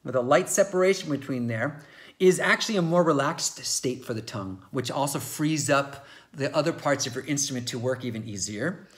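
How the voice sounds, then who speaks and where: A man's voice: medium pitch, normal speed, a bit bright. A man giving a singing lesson, explaining technique step by step and checking in with the viewer often. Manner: demonstrates by singing show tunes. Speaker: voice teacher.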